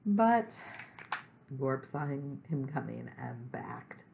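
A woman reading a children's chapter book aloud, gently and slowly, adding chatty asides to her listeners and at times dropping to a whisper. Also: very deep voice, gravelly, a little hiss or hum. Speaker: reader. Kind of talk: storybook read-aloud for children.

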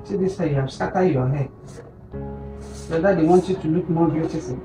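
A Nigerian woman vlogging at home, softly coaxing her child as she fixes its hair. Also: sits low, fairly quick, roomy sound, over music, low-quality recording. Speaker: vlogger mother. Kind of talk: casual family vlog.

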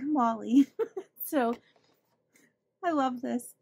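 A chatty woman with a higher, slightly husky voice, talking through her mail in a casual vlog. She gushes and laughs often, thanking people as she goes. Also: measured pace, pauses often, a little mellow, no echo. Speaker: budgeting channel host. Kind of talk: casual chat opening mail.

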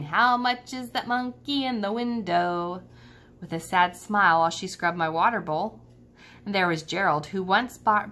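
A woman teacher reading a children's novel aloud, calm and steady. Her voice sits a little low and even, paced for young listeners. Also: a little hiss or hum. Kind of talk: children's book read-aloud.

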